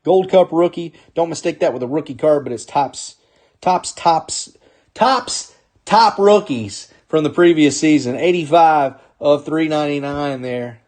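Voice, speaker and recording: A man with a fairly high voice hosts a card break, rattling off names as he rips through packs. His delivery is upbeat and chatty, with frequent chuckles between calls. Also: a little slow, darkish tone. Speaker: sports card break host. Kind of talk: live card-opening commentary.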